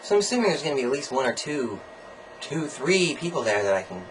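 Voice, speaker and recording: A young man in a mid-range voice rants into his video diary, camp and sarcastic, swearing freely and leaping between high, loud bursts and low mutters. A faint hiss sits under the recording. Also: quick pace, low-quality recording. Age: young adult. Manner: animated, campy and profane, with big swings in pitch and loudness; sarcastic, jokey asides. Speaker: college student vlogger. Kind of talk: casual video diary rant.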